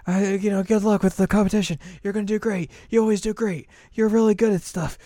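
A man's voice: sits high, fairly even intonation, quick pace, mellow, dry recording, clean studio sound, pitched above the performer's own voice, natural voice. A man voicing a cheerful, sporty teenage girl who is out of breath and gushing encouragement. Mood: breathless, cheerful.

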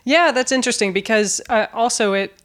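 A middle-aged woman, a pediatric neurologist hosting an interview, who talks thoughtfully and asks questions in full, measured sentences. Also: a little high. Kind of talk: conversational interview.

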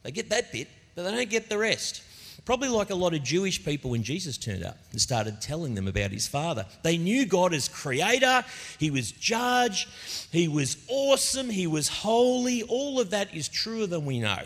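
A male pastor delivers a sermon with a lively, swinging voice that sits a bit high for a man. He tells stories in a chatty, animated way, and his words ring out with the long reverb of a church hall. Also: moderate pace. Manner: animated, conversational storytelling preacher. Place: church auditorium.

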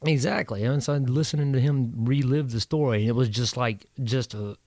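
Speaking a little fast at medium pitch, a male veteran swaps casual war stories on an indoor podcast. He swears freely and animates his tales by acting out quoted voices, with no echo in the recording.

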